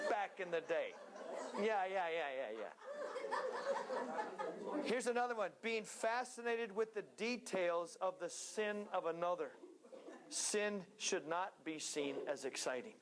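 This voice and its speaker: A man preaching a sermon in a church, earnest and steady, now and then slipping into joking asides. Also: fairly high pitch.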